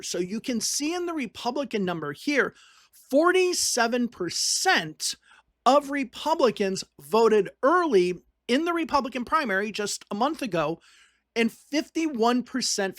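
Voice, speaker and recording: A relaxed commentator from the northern United States talks through the news in a loose, conversational way. The voice sits in a middle range. It is recorded close and dry, with no room sound. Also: mid-range voice, no room sound. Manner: conversational, reads on-screen text aloud and repeats points for emphasis. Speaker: political commentator. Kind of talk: casual political commentary.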